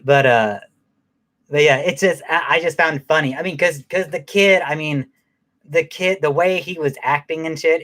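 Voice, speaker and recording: A movie reviewer with a medium-pitched, slightly bright voice gives a casual, rambling recap of a film. He swears heavily and fills his talk with fillers and restarts.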